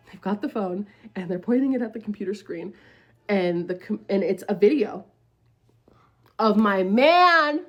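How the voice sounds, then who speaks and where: A young woman in her early twenties telling a personal story in casual storytime style, blunt and profane, acting out the other people's lines. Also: on the high side. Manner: blunt, profane, dramatic retelling with quoted voices.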